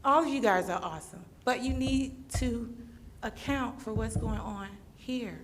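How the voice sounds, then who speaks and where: A woman speaks into a podium microphone in a council chamber, pleading and repeating herself. Her voice sits a little high. A faint low rumble runs underneath. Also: a little slow. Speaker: public commenter. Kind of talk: emotional public comment.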